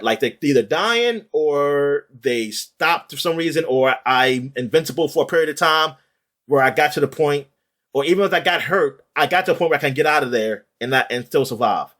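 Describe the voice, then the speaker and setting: A man co-hosting a podcast in casual chat, retelling things in a rambling, animated way with lots of fillers and the odd swear word. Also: medium pitch. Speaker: podcast co-host.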